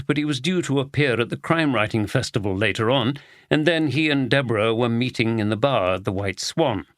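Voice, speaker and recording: A man narrating a mystery audiobook at a medium pitch, telling the story in a steady, even way. He is recorded on a close studio mic in a dry room. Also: no echo.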